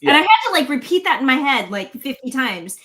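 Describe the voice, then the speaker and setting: A woman's voice: high voice, sing-song, fairly quick, sharp tone. A woman co-hosting a truck livestream, explaining things in an easygoing way with plenty of fillers. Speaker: co-host of a truck show. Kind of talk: casual livestream chat.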